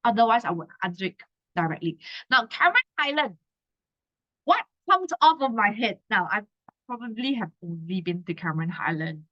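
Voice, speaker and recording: A woman's voice: medium pitch, sing-song, normal speed, bright, forceful tone, lo-fi sound. A woman in her thirties with a Malaysian English accent, teaching an exam-prep class in a chatty way, often adding "okay?" to her points. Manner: chatty, tags lines with "okay?". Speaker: tutor.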